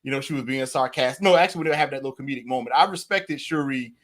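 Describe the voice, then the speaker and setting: A man speaking as a guest in a casual movie review chat, animated and full of stammering restarts. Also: mid-range voice, rapid-fire. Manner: animated, stammering restarts, frequent "you know".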